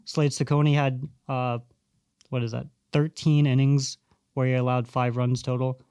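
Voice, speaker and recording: A man with an ordinary mid-range voice walks through pitching numbers and player stats at a measured pace. The sound is close and dry, in relaxed podcast chat. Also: smooth, no echo. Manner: stat-heavy, measured. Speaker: podcast co-host. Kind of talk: casual sports chat.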